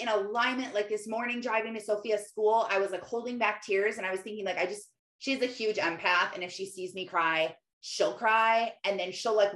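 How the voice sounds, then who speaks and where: A woman in her thirties chatting casually about faith and family, rambling and filling her talk with "like". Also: mid-range voice. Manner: chatty, rambling, lots of "like" fillers. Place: home office. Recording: roomy echo.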